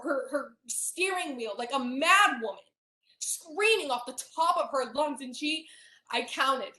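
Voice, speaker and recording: A young woman with a slightly high voice tells a painful personal story. She halts often and restarts with fillers. The recording has a roomy echo. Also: sing-song, sharp tone. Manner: halting, many fillers and restarts. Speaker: hypnosis client. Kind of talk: emotional personal account.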